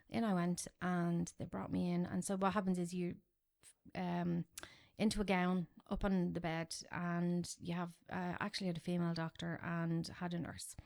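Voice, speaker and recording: A woman in her forties, speaking as a podcast guest. Her voice sits on the low side with a gravelly fry running through it. She tells her story candidly and animatedly, with wry, self-deprecating asides. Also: steady tone, normal speed, few pauses, darkish tone. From Ireland. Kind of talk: personal story in a podcast interview.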